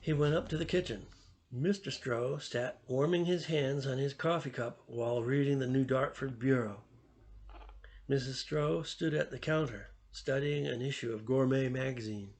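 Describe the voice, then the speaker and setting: A man reads a story aloud in a steady, even way. His voice sits at a middle pitch with a noticeable gravelly grain. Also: normal speed.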